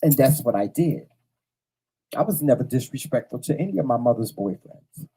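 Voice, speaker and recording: A man speaking to his audience in a mellow, husky voice. He tells a personal story bluntly, with cursing, and hammers his points home by repeating phrases. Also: medium pitch, lively intonation, normal speed, poor audio. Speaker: host. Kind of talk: casual storytelling monologue to viewers.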